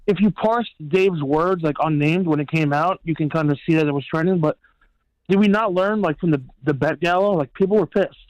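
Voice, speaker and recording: A man's voice: a little high, fairly quick, no room sound, highs cut off. A man calling in to a talk show, talking bluntly and rambling with lots of swearing. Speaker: caller and regular. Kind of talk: casual chat.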